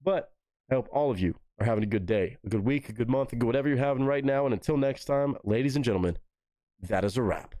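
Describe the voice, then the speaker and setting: A man hosts a live reaction to music. His voice sits in a middle register and swings up and down with excitement as he swears. The sound is dry and close, with no room echo. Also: quick pace. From Texas. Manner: excitable, swears freely, big swings in pitch.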